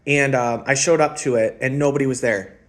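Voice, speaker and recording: A man in his thirties tells his own story in a loose, casual vlog style. His voice sits at an ordinary middle pitch. He drifts and reflects as he goes, filling pauses with frequent ums. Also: fairly even intonation. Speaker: spiritual channeler and former music teacher.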